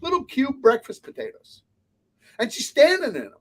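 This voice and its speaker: A man's voice: extremely high pitch, huge pitch swings, normal speed. A man, a restaurant consultant, giving blunt, emphatic advice as a guest in a casual interview. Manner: blunt, emphatic, lists points.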